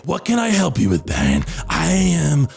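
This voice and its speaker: Man doing a distracted one-eyed wizard monster, teeth-clicking, jumpy in pitch. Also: wildly swooping pitch, moderate pace, gravelly, exaggerated voice. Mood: impatient. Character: frantic one-eyed male wizard creature.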